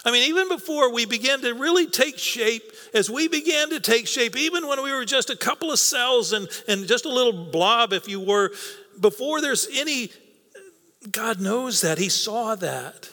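A man's voice: extremely high pitch, lively intonation, normal speed, sharp tone. A man preaching a sermon in an earnest, coaxing way, repeating words for emphasis. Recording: long reverb of a hall.

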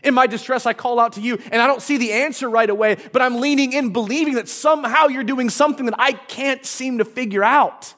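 Male pastor, very high voice, animated sermon delivery with playful asides. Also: a little fast, few pauses. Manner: animated, acts out prayers and asides with humor.

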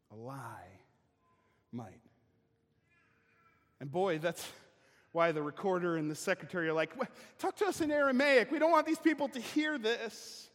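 A male pastor preaching a sermon with a personal story, animated and acting out voices and sounds. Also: a little high. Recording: church hall reverb.

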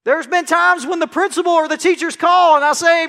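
A middle-aged pastor preaches from the pulpit with a high, bright, forceful voice. He leans into dramatic cries of scripture. Long reverb from the church sanctuary hangs behind him. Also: fairly quick, few pauses. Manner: animated preaching, crying out verses dramatically. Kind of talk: sermon.

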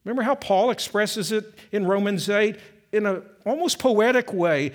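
A middle-aged man preaching a sermon, swinging from loud emphatic peaks to soft, slow passages. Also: sits high. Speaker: pastor.

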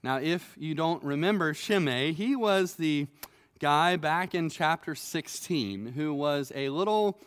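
A male pastor delivering a sermon in a high, clear, resonant voice. His storytelling is earnest and animated, with now and then a stammered restart, and his words ring out in a hall with a long reverb. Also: unhurried.

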